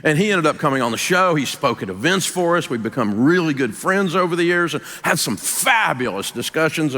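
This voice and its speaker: A man's voice: on the high side, fairly bright tone, in a large hall. Folksy Southern man, emphatic host. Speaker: radio show host. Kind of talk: motivational talk-show monologue.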